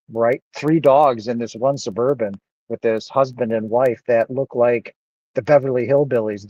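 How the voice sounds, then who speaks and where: Man talking to his own camera, earnest and emotional, voice dark and a little muffled. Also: medium pitch, dry recording. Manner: earnest, emotional, repeats himself. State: emotional, close to tears. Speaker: vlogger. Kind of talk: emotional personal monologue.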